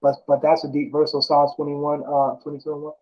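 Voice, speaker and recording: A man with a rather high voice talks loosely about scripture. He stops to read verses slowly and often corrects himself mid-thought. The recording sounds dull and lo-fi. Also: sing-song, vocal fry. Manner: rambling, self-correcting, often asks "you know what I'm saying?". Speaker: speaker discussing scripture. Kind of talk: casual religious talk, reading verses aloud.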